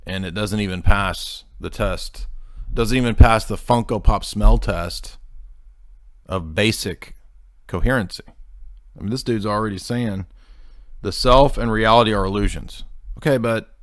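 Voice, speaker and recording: A man's voice: lowish voice, unhurried, no echo, studio quality. A man hosting a commentary show, reacting to a clip in a sarcastic, mocking way. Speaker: host.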